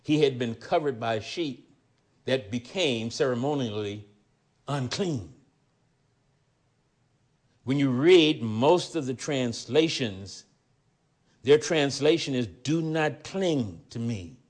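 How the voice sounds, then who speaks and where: A man preaching a sermon, reading scripture aloud with rising emphasis, then dropping into quiet commentary. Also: medium pitch, animated, slow, pauses often.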